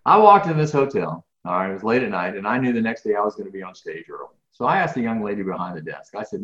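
A man's voice: fairly low pitch, rapid-fire, hardly any pauses. A man telling stories in an interview, acting out dialogue with lots of repeated words. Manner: animated storyteller, acts out dialogue, repeats words. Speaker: professional speaker, guest. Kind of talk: storytelling interview answers. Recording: echoey, dull lo-fi audio.

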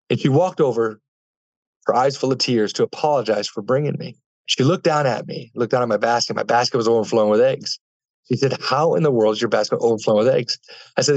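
A man's voice: medium pitch, brisk, dry recording. A young man in an interview, telling his life story earnestly with many fillers and restarts. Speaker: guest. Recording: dull lo-fi dry sound.

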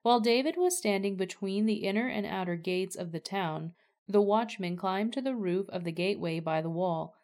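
Woman reading scripture, steady and clear. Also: mid-range voice, normal speed. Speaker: scripture reader.

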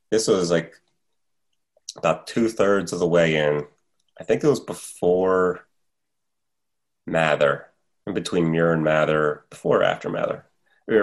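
A man who hikes, telling a story as a podcast guest in a casual, animated way, his voice jumping up at the scary parts. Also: sits low.

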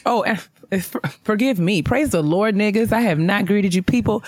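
A woman's voice: medium pitch, moderate pace, darkish tone, no echo. A young adult woman co-hosting a casual podcast, bantering and teasing playfully. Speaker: podcast co-host. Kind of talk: casual chat.

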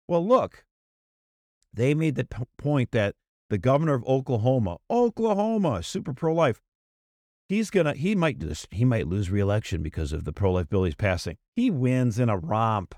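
A man co-hosting a political talk podcast, speaking in an emphatic, animated way with frequent restarts. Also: mid-range voice, moderate pace, no room sound. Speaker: podcast co-host. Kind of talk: casual political chat.

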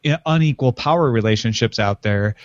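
A man's voice: mid-range voice, fairly quick, dry recording, muffled recording. A man co-hosting a podcast, talking through a novel's themes in a thoughtful, explaining way. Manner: thoughtful, explains at length with frequent fillers. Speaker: podcast co-host. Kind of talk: casual book discussion.

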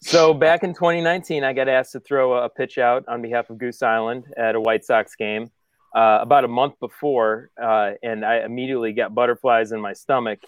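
A man's voice: medium pitch, fairly even intonation, a little fast, no room sound, dull audio. A man from the Chicago area hosting a casual podcast, telling a story with energy and acting out his own quoted lines. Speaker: podcast host.

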